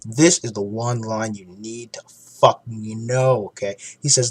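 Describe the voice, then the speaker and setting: A man giving a casual video review of a TV episode, retelling it excitedly with lots of swearing and restarts. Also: on the low side, measured pace. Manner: excited, profane storytelling with frequent restarts.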